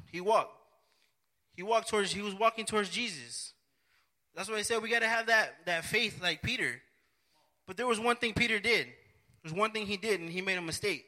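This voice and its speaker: A man's voice: high-pitched, pushed and bright. A man preaching a sermon, earnest and repetitive, often restarting his phrases.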